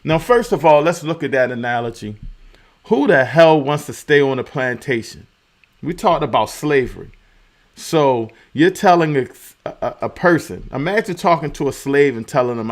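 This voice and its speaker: A man's voice: fairly high pitch, lively intonation, normal speed. A man hosting his own commentary show, talking casually and repeating key phrases for emphasis. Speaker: host of a commentary channel.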